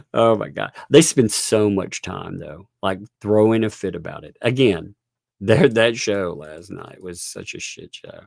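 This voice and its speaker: A man's voice: fairly low pitch, animated, slow pace, creaky, a little mellow, no room sound, studio quality. A man giving live-stream commentary, ranting and laughing as he mocks other streamers. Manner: laughing, mocking, exasperated rants.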